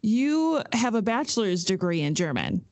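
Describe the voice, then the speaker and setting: A woman hosting a podcast interview, enthusiastic and quick to laugh. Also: medium pitch, sing-song, darkish tone. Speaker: podcast host. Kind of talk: casual interview conversation.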